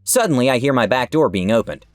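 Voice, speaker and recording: A man reading internet stories aloud with an animated, emphatic delivery and a pitch that swings freely. The recording is close and dry, with soft background music. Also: fast, dry recording. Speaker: story narrator. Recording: dry with faint music behind.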